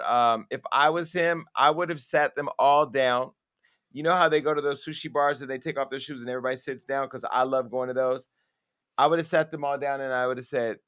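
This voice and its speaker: A man's voice: mid-range voice, fairly bright tone, smooth. Blunt, opinionated male talk-show host. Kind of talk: casual talk-show chat.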